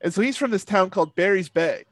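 A man's voice: high voice, expressive, quick pace, no echo. A man telling rambling stories in casual chat, full of filler words and swearing. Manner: rambling storyteller, heavy on "like" and swearing. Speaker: former camp counselor telling stories.

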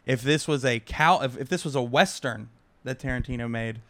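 Casting: smooth-voiced man, hesitant casual podcast chat, dry close mic. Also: mid-range voice, a bit bright, dry recording. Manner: halting, searching for words. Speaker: podcast co-host.

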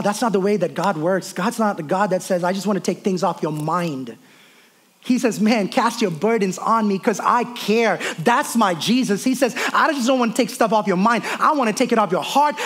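A man with a high, light voice preaches to his congregation. He speaks earnestly, repeats words as he searches for them, and moves between raised and hushed passages. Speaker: pastor. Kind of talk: sermon.

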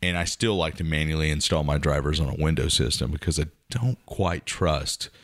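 Deep-voiced man chatting about tech. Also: moderate pace, fairly bright tone, no echo, studio quality. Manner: chatty, nerdy asides, self-correcting. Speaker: podcast co-host. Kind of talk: casual tech chat.

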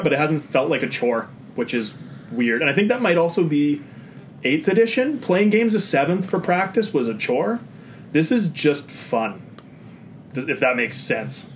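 A man's voice: fairly high pitch, a little hiss or hum. A man co-hosting a casual hobby podcast, talking in an easygoing way with chuckling asides. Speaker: podcast co-host. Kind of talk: casual chat.

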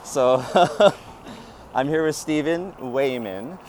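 A man's voice: fairly high pitch, expressive, drawn-out words, a little mellow. A Canadian man hosting a walking interview on a city street, rambling with many fillers and slightly out of breath. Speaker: podcast host. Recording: faint traffic noise outdoors.

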